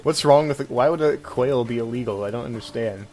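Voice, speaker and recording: Brief: man, comedy co-host, wry and mocking, quick laughs, faint music bed behind. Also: mid-range voice, warm tone. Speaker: podcast co-host. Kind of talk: casual comedic chat.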